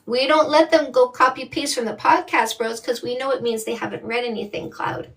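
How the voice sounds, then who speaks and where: A woman's voice: a little high, fairly even intonation, fairly quick, vocal fry, fairly bright tone, far from the mic. A woman from Canada hosting a live stream as a dating coach, reading viewer comments with blunt, sassy emphasis. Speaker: dating coach and livestream host.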